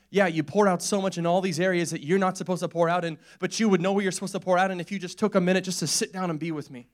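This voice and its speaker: Young male preacher, slightly high voice, casual and repetitive sermon delivery, quick to laugh. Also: fairly even intonation. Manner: conversational, repetitive, laughs often. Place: church.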